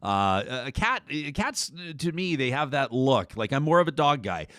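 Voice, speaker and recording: A man's voice: medium pitch, big pitch swings, moderate pace, a bit bright, no room sound, clean studio sound. A man hosting a talk show, chatting casually in a rambling, jokey way and often cutting himself off mid-sentence. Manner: rambling, self-interrupting, jokey. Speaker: host.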